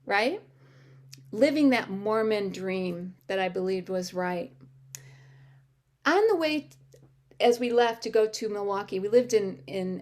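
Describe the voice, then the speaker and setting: A middle-aged woman telling her personal testimony to a church audience, acting out quoted dialogue in an animated way with sudden high-pitched exclamations. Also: a little hiss or hum.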